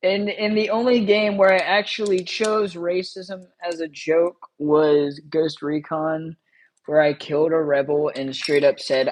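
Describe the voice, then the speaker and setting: A woman streamer in a loose live-stream chat, talking straight to her viewers. Her voice sits a little low, and she drawls slowly, circling back and repeating herself as she rambles. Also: little pitch movement, a little mellow, a little hiss or hum, poor audio.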